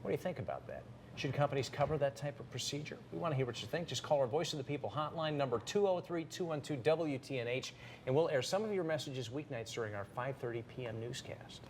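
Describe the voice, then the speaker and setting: A man anchoring a local TV newscast, reading stories in a measured, scripted way and addressing viewers directly. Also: mid-range voice, expressive, a little hiss or hum. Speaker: news anchor. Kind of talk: TV news reading.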